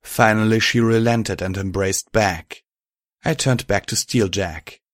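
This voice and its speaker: A man reading fan fiction aloud as an audiobook narrator in a steady storytelling manner. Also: lowish voice, unhurried, dry recording, clean studio sound.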